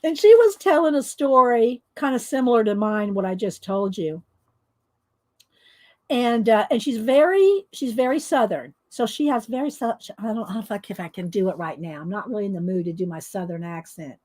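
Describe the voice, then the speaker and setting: A woman's voice: medium pitch, lively intonation, normal speed. A woman hosting a coloring video, casually telling rambling stories to her viewers with fillers and laughs. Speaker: adult coloring video host.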